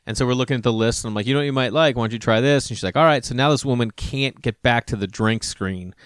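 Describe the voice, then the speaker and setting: A man's voice: mid-range voice, quick pace, clean tone, no room sound, clean studio sound. A man telling a rambling, profane story in a casual monologue and acting out the voices of the people in it.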